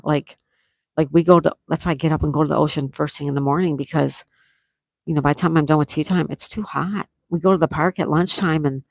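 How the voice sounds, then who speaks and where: A woman's voice: low-pitched, gravelly, darkish tone, dry recording, rough recording. A retired woman in her sixties hosting a casual livestream, reading viewers' comments aloud and chatting back. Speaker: livestream host.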